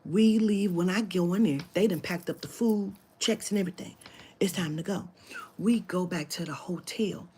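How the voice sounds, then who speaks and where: A woman telling a story to camera, animated and profane, dropping into whispered asides. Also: lowish voice, normal speed, a little hiss or hum. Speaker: spiritual reader telling a story.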